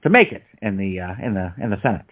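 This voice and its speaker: A man doing a halting politician impression. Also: low voice, very animated, lo-fi sound, pitched below the performer's own voice. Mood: measured. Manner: halting, hesitant with drawn-out pauses. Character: impression of a measured male politician.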